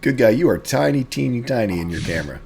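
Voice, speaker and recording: A man's voice: mid-range voice, animated, fast talker, vocal fry, a little mellow, slight background noise. A man running a tabletop game as game master, chatty and playful.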